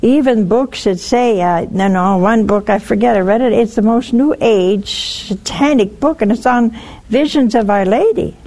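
A woman hosting a religious call-in show, teaching with lively storytelling and acted-out little dialogues. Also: on the high side, moderate pace. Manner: animated storytelling, acts out dialogues. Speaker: host.

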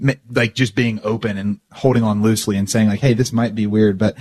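A man's voice: on the low side, fairly even intonation, brisk, darkish tone. A man hosting a casual faith conversation, asking questions and affirming his guest with frequent fillers. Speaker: podcast host.

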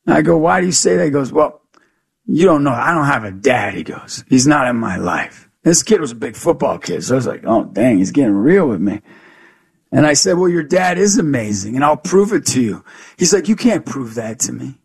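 A man with a gravelly, husky voice tells a story as an interview guest. He acts out the lines of dialogue in an animated way. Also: mid-range voice, normal speed. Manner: animated storyteller who acts out dialogue, much "you know" and "I go". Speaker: guest, youth speaker.

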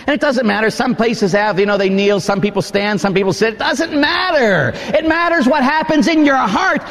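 A man, a Catholic priest, telling a story in a sermon, swinging between hushed asides and excited exclamations. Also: on the high side, in a large hall.

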